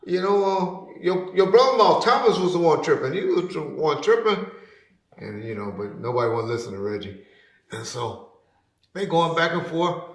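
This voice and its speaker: A man telling a story in casual talk, animated, who acts out the people he quotes with sudden loud, high bursts. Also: normal speed. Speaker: podcast guest telling a story. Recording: roomy echo.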